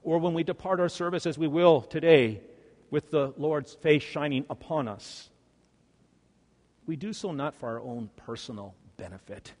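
Pastor preaching in a reverberant church. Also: male voice. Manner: swings between loud, slow emphatic peaks and quiet, low endings. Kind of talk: sermon. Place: church sanctuary. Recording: long hall reverb.

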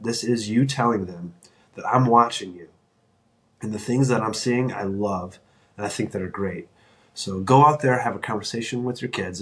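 A middle-aged man hosting a solo podcast, talking earnestly and encouragingly, often restarting his sentences. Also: on the low side. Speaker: podcast host.

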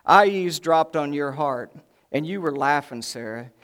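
A man's voice: on the high side, expressive, moderate pace, a bit bright, smooth. A man voicing a firm divine voice. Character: divine male voice, firm and assured.

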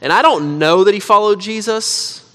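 A man's voice: high voice, moderate pace, sharp tone. Conversational man preaching a sermon. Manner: conversational storytelling with frequent "like". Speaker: pastor.

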